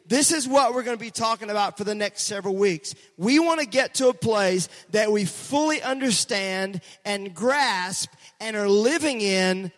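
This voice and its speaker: A middle-aged male pastor with a high, bright-pitched voice delivers a lively sermon and keeps drawing the congregation in to answer back. His words ring out through a church with a long reverb trailing after them. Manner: energetic, conversational, calls on the congregation to respond. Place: church sanctuary.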